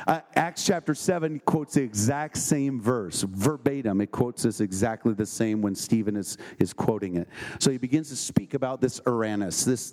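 A male preacher working through scripture in an evening sermon at a medium pitch. He reads verses aloud and breaks off to ask the congregation quick questions. His delivery is conversational and emphatic. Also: a little mellow.

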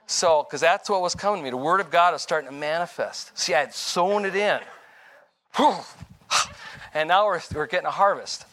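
A man's voice: a little high, normal speed, fairly bright tone. An older man giving a rambling, informal testimony sermon, correcting himself as he goes and chuckling between points. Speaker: preacher.

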